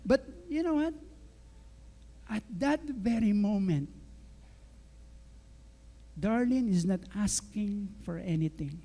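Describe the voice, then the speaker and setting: A middle-aged man with a Filipino accent preaching a sermon, telling stories lively and acting out the dialogue. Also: sits high. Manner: lively storyteller who acts out dialogue and laughs along. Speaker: pastor. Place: church sanctuary. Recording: reverberant church hall.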